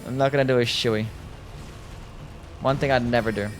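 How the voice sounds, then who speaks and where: Chill guy live streaming a game, chatting to chat, laughs a lot, faint music behind. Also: medium pitch. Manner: laid-back, chatty, laughs easily.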